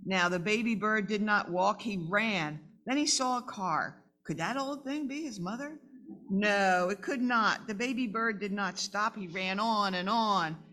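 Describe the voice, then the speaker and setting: A woman reading a picture book aloud to children at a live event, animated and talking to her audience. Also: mid-range voice, a little slow. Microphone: microphone.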